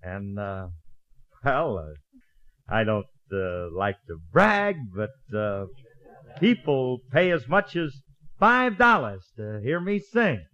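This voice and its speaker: An actor playing a boastful, wisecracking bandleader husband in a 1940s radio comedy, trading jokes in a lively way. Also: male voice, mid-range voice, takes it slowly, heavily acted. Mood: sheepish. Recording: muffled old radio broadcast with hiss. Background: studio audience laughter.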